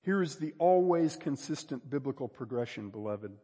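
A pastor preaching a sermon, moving between quiet asides and loud, drawn-out emphasis. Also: male voice, medium pitch, lively intonation, in a large hall. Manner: dynamic preaching, swings from hushed to loud emphasis.

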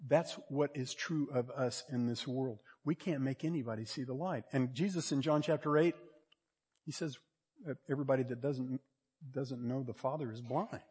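A man preaching a sermon in a conversational way, repeating himself and building to loud, emphatic peaks. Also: medium pitch, normal speed, breathy edge. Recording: long reverb of a large hall.

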